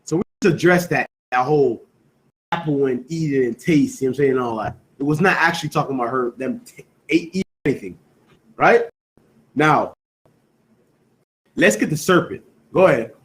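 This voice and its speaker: On a rough recording, a man with a mid-range voice teaches a scripture class at a moderate pace, leaving long pauses. His style is emphatic call-and-response: he repeatedly fires questions back at students, stresses key words, and keeps tossing in "you know what I'm saying."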